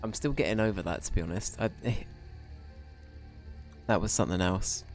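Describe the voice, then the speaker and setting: Low-voiced streamer guy chatting through his game, laid back, cursing at it sometimes. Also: normal speed, a little mellow, faint music behind. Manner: casual, thinking aloud, swearing. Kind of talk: live gameplay commentary.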